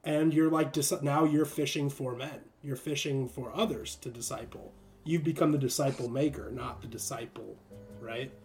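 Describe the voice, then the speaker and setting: A young man in casual conversation about faith, animated and laughing often, acting out quick voices. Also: medium pitch, creaky, soft background music.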